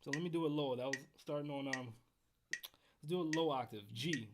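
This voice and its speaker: A man hosting a casual livestream trumpet lesson from home, counting in exercises and chatting with viewers in a relaxed way. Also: mid-range voice, brisk, very noisy. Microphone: headphones while streaming.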